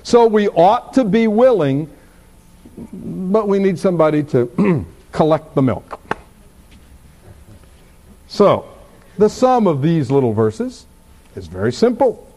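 A man preaching a sermon, teaching in an unhurried, expressive way and asking his listeners rhetorical questions. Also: high-pitched.

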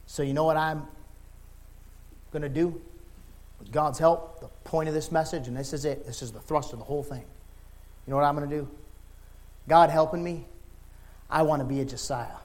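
Impassioned high-voiced man preaching. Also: fairly even intonation, moderate pace, pauses often. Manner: swings from quiet talk to impassioned shouting; folksy, informal phrasing. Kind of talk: sermon.

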